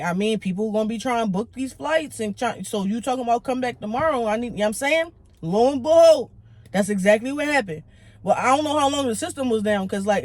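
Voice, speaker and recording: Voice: mid-range voice, no echo. Young vlogger ranting in a dry room. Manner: heated, profane, animated retelling; acts out the quoted lines of others. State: irritated. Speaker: storytime vlogger. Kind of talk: casual storytime rant.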